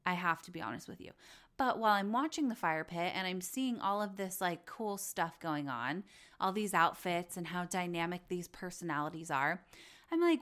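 A woman's voice: fairly low pitch, animated, normal speed, a bit bright. A young woman hosting a podcast, chatting casually and gushing about reality shows. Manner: gushing, chatty, acts out quoted voices. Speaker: podcast host.

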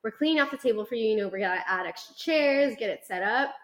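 A woman's voice: a little high, quick pace. A young woman in her twenties, a podcast co-host, casually telling a story and acting out the people in it. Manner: animated storyteller, acts out quoted customers. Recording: roomy echo.

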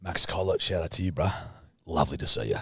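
Male host, gravelly, animated yarn-spinner, dry close mic. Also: low-pitched, fast, dry recording. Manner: animated, laughing, profane. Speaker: podcast host. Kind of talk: casual chat, storytelling.

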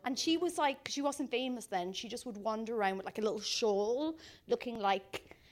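A woman's voice: fairly high pitch, moderate pace. A woman in her thirties telling a comic story as a guest, self-mocking and laughing as she goes. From Ireland. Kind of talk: comic anecdote on a live podcast.

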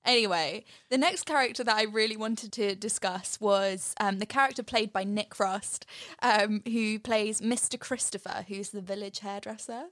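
A woman's voice: medium pitch, moderate pace, fairly bright tone, dry recording, clean studio sound. A woman co-hosting a podcast, chatting casually about a film in a giggly, chatty and affectionate way. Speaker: podcast co-host. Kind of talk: casual film review chat.

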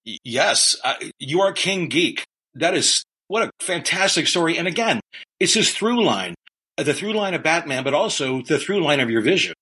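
A man's voice: a little high, sing-song, normal speed, pushed and bright, slightly rough. A man hosting an interview, reacting with enthusiasm and asking questions. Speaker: interviewer, host.

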